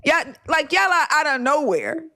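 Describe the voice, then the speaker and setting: A woman's voice: high-pitched, very animated, moderate pace, sharp tone. A woman hosting a casual livestream chat, blunt and exasperated, swearing freely and drawling slang. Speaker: livestream host.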